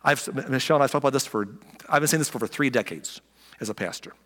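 A middle-aged male pastor preaching with an ordinary mid-range voice. He is animated, jumps up high to act out the voices of his listeners, and then sinks to soft near-whispers to drive a point home. The sound carries a long reverb, as if in a large church hall. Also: fast talker. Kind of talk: sermon.

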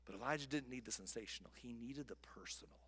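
A male pastor preaching a sermon, swinging from loud emphatic lines down to soft whispers. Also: medium pitch, fast, slightly rough. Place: church sanctuary.

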